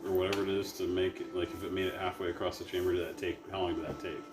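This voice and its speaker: A man's voice: low voice, little pitch movement, very fast. A man playing a tabletop game, asking questions and planning moves aloud in casual chat. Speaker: player. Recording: roomy sound with music.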